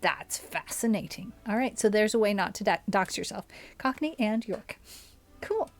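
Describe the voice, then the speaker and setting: A woman's voice: medium pitch, normal speed, creaky. A young adult woman streaming a game, chatting casually and musing aloud while answering her chat.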